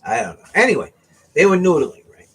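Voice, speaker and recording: A man from the US East Coast telling a casual fishing story, animated and often checking in with "right?". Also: sits high, fairly quick, breathy edge. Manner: animated, keeps asking "right?". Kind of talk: casual anecdote.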